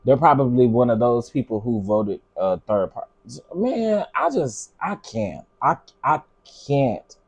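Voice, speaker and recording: A man's voice: medium pitch, sing-song, unhurried, darkish tone, slightly rough, highs cut off. A middle-aged man hosting a casual live commentary stream, exasperated and ranting as he answers his chat. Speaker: livestream commentary host.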